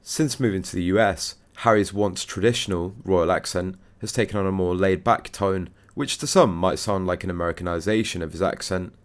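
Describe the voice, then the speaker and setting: A man reading a scripted news story aloud in a steady, formal manner. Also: low voice, brisk, few pauses. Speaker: news narrator.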